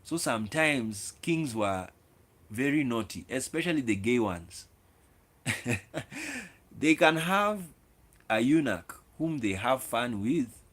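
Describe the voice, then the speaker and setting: Guy ranting to camera, mid pitch, talks straight at viewers, lots of restarts. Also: expressive, measured pace, a bit bright. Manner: lecturing, with repeated words and restarts; addresses viewers directly. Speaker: video host. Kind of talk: opinionated solo monologue.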